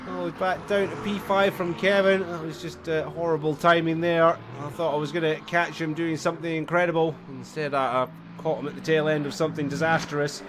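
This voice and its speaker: A man giving live sim racing commentary, chatty and apologetic, tired and yawning, with sudden excited yelps. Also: fairly high pitch, normal speed, few pauses, a little hiss or hum. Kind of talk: live esports race commentary.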